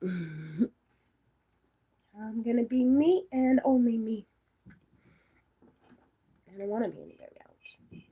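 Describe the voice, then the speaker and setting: Giggly woman with a gravelly voice. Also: a little high, animated, takes it slowly, long pauses, phone-quality sound. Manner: giggly, silly, rambling, laughs often. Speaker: vlogger chatting with viewers. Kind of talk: casual live chat.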